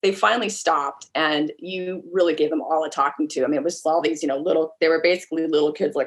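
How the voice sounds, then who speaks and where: A woman's voice: low voice, fast talker, few pauses. A woman, a caterer, tells a story on a podcast, acting out what people said. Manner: animated, acts out quotes. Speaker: caterer guest.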